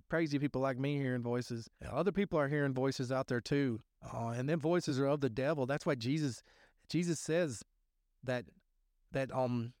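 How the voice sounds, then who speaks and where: A man's voice: medium pitch, a little mellow, no room sound, clean studio sound. A man hosting a podcast, giving a rambling, impassioned, sermon-like talk on addiction recovery. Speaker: podcast host.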